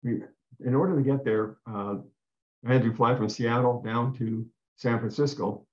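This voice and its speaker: A man's voice: mid-range voice, steady tone, normal speed. A man giving a talk and telling a personal story in an earnest way. He often repeats himself and restarts his phrases. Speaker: guest speaker. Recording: dull roomy talk recording.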